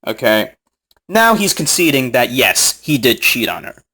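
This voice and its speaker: A man with a lively, swooping voice tells the story of an online spat, mocking his opponent with sarcasm and swearing. He often laughs at his own points. His voice sits at an ordinary middle pitch and was picked up on a smartphone mic. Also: unhurried, slightly rough. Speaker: vlogger recounting an online argument. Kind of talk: casual storytelling commentary.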